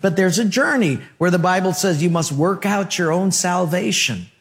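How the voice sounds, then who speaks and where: A man's voice: high voice, moderate pace. A man preaching a sermon as pastor, in rhythmic repeated phrases and short punchy lines, telling stories with good humor.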